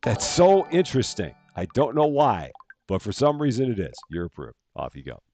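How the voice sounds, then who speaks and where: A man's voice: medium pitch, wildly swooping pitch, moderate pace, dark tone, soft background music. A man chatting casually as he live-streams a game at home, thanking viewers by name and laughing at himself. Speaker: streamer playing a bank simulator game.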